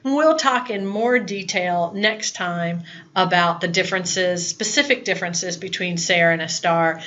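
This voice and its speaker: A woman's voice: lowish voice, a bit bright, muffled recording. A woman in her fifties teaching a recorded Spanish lesson, plain-spoken and chatty, with asides. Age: 50s.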